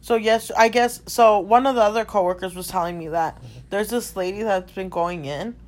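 A young woman spins a story from her shift at the store in loose casual chat, full of "like" and "dude" and the odd swear. Her voice sits at an ordinary middle pitch for a woman, steady and conversational, with lively storytelling. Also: normal speed, slight background noise. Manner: animated storytelling, swears, says "dude" and "like" often. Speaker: store clerk telling a story.

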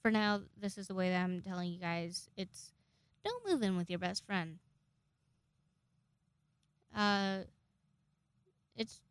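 A woman's voice: medium pitch, smooth, no room sound. A young woman in her twenties, telling a story in a casual vlog, chatty, swearing a lot and restarting her sentences.

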